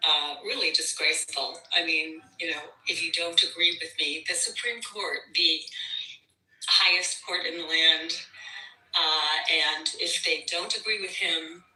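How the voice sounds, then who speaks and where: A woman calling in to a political show, indignant and halting, with lots of fillers. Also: low voice, fairly even intonation, sharp tone. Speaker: caller. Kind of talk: call-in political opinion. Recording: echoey, distant from the mic.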